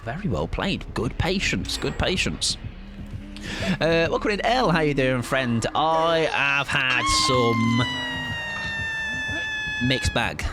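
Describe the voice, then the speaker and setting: Over loud music, a male streamer speaks slowly with frequent pauses and big swings in pitch. He chats casually with viewers during a game, greeting chat and breaking into high yelps while playing.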